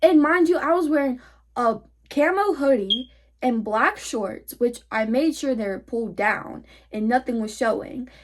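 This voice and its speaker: A woman's voice: fairly high pitch, expressive, a little slow. A sixteen-year-old girl heatedly retelling a fight, full of swearing and "like". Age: teens. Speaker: vlogger. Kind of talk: storytime vlog.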